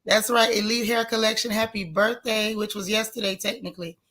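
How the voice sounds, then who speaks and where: A woman's voice: medium pitch, fairly even intonation, fairly quick, fairly bright tone. A woman hosts a casual live stream, greeting viewers one by one in a folksy, chatty way. Her voice sounds strained and a bit worn. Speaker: livestream host.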